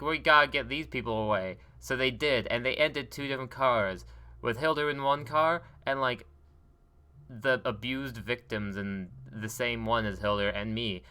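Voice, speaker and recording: A man recaps his tabletop game session in a loose, rambling way, cracking jokes and laughing along. His voice is bright and smooth. He keeps it casual. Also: mid-range voice, normal speed. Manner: rambling, joking, laughs often. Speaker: player recapping the story.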